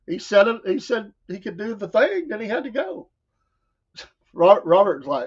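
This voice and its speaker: Southern male co-host, high voice, casual storyteller who keeps laughing and acts out quotes, lo-fi sound. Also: big pitch swings, moderate pace, slightly rough. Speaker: show co-host. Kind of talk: casual chat. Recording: dull lo-fi sound.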